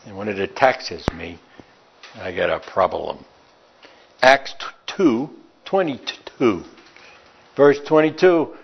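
Emphatic preacher with a New York accent. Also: male voice, mid-range voice, expressive, a little slow, creaky, breathy edge, highs cut off. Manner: emphatic, stretches words for stress. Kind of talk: sermon with scripture reading.

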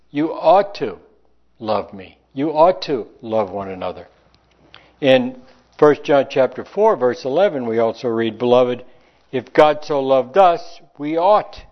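A man preaching a sermon, reading old-style scripture aloud and slowing down to stress key phrases. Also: medium pitch, highs cut off.

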